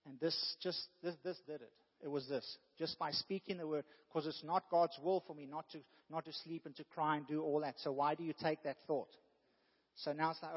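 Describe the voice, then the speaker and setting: An earnest male preacher with a fairly high voice who pushes into emphatic bursts as he makes his points. The sound is dull and muffled, with a long reverb trailing off the walls of a church hall. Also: fairly even intonation, moderate pace, slightly rough. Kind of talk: sermon.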